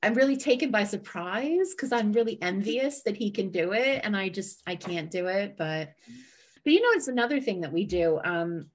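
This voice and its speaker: A woman's voice: medium pitch, lively intonation, normal speed. A young woman co-hosting a casual chat podcast, rambling and giggling, with lots of "like". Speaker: podcast co-host.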